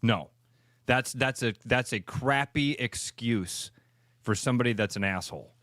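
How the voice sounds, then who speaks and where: A man's voice: mid-range voice, measured pace, fairly bright tone, no echo. A man co-hosting a sports radio show, ranting bluntly and emphatically in crude, opinionated banter from a studio. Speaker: radio sports talk co-host.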